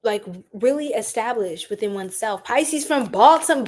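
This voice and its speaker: A young woman giving a casual live-stream tarot reading, animated and slangy as she chats with her viewers. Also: a little high, fairly quick, few pauses.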